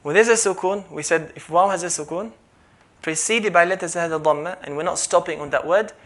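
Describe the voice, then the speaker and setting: A man teaching tajweed, explaining pronunciation patiently and reciting example words slowly and more loudly. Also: fairly high pitch. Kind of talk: tajweed lesson with recitation demos.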